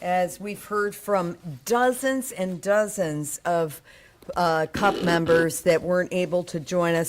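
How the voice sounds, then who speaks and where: Female event host wrapping up a live event, low-voiced and slow-paced. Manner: measured, thankful, announcing. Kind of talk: closing announcements.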